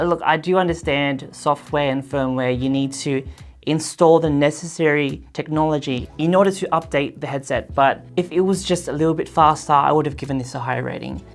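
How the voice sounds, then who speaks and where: A woman reviewing a headset in a casual, chatty way, with loose phrasing and frequent fillers. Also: low voice. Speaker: tech product reviewer.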